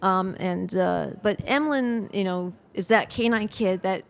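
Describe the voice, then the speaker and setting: A woman's voice: mid-range voice, a little slow, creaky. Rambling woman guest on a podcast. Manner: rambling, frequent "you know" and "uh". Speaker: podcast guest, pet health advocate. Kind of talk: casual podcast conversation.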